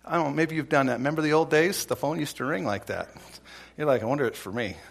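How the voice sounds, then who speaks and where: A man preaching a sermon, telling a story in a folksy, animated way and acting out the voices of its people. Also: on the high side, fast, creaky. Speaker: pastor.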